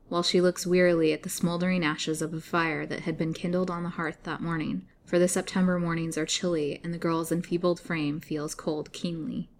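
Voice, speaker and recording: A woman reading a Victorian serial aloud as storyteller, measured and melancholy. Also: deep voice. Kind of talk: audiobook narration.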